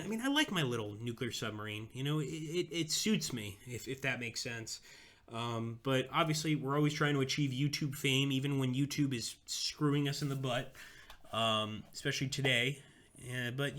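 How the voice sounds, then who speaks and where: Young male streamer, excitable, profane, bright tone. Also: mid-range voice, moderate pace. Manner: excitable, swears freely. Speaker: game streamer. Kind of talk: live game commentary.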